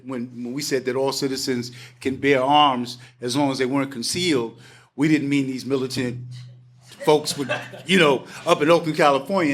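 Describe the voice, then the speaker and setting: A man in his sixties telling a personal story to a live audience at a packed bar, animated, acting out voices and swearing casually. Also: medium pitch. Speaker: panel speaker. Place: packed bar event space.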